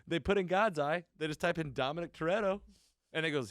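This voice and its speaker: A man co-hosting a podcast, rambling through a movie recap with quoted lines and quick self-corrections. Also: fairly high pitch, a bit bright, dry recording, studio quality. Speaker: podcast co-host. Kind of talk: casual movie recap chat.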